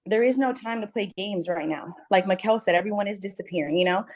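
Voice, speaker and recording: A woman with a mid-range, darkish voice talks fast on a video group call. A book club member about to host an event, she shares casually but earnestly and emphatically, repeating words for stress.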